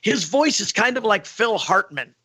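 A man voice actor telling stories in casual podcast chat, with a distinctive prickly voice and animated asides. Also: high voice, breathy edge. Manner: animated storyteller, quick asides.

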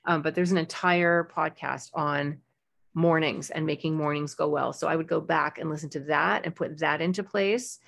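Chatty parenting podcast woman, lowish voice. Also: normal speed, creaky. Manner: warm, chatty advice with animated, high-pitched acted-out examples. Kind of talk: casual advice podcast.

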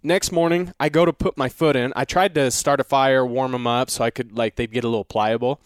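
Smooth-voiced man telling a hunting story. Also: mid-range voice, fairly even intonation, no echo, studio quality. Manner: rambling, restarts often, drawn-out retelling. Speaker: guest hunter. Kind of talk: casual storytelling.

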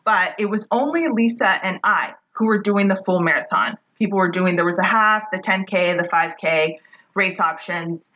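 Chatty gushing woman host, super bright forceful voice, just talking casually into the mic. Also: medium pitch, moderate pace, muffled recording. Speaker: podcast host. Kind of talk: casual podcast intro.

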